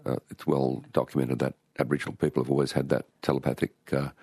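A man's voice: extremely low pitch, little pitch movement, quick pace, darkish tone, slightly rough, no room sound, studio quality. An older Australian man, an author being interviewed, telling stories in a rambling way with many restarts. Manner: rambling, with frequent restarts and storytelling. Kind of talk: relaxed conversational interview.

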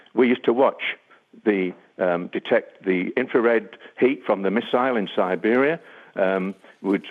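An older man, a defence analyst, answering a radio interviewer gravely and deliberately, with many ums and uhs. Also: low voice. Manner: measured, grave, with frequent um and uh. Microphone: phone line. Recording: tinny phone line.

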